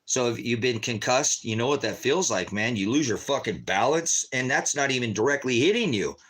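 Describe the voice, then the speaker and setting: A man's voice: mid-range voice, lively intonation, a little fast, a bit bright, husky. An agitated man addresses his livestream viewers in a rambling monologue. He swears in nearly every sentence and keeps repeating himself. His delivery is raw and unscripted. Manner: agitated, heavily profane, repetitive. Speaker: ministry livestreamer.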